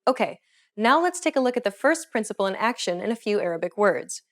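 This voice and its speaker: A woman giving a scripted pronunciation lesson in a clear, explanatory and measured way. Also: mid-range voice, very animated. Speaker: pronunciation teacher. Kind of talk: scripted instructional narration.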